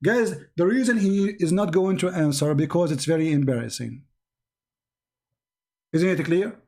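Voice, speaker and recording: A man's voice: a little high, normal speed, a little mellow. A man hosting a heated live-stream debate, insistent and repetitive, his voice wearing out. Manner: insistent, repeats himself. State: losing his voice. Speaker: debate show host. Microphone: computer mic on live stream.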